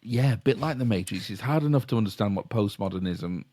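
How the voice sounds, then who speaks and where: A man's voice: fairly low pitch, animated, fast talker, mellow, slight background noise. A middle-aged man with a Yorkshire accent, co-hosting a casual podcast chat and explaining ideas in a rambling, self-interrupting way with chuckles. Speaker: podcast co-host.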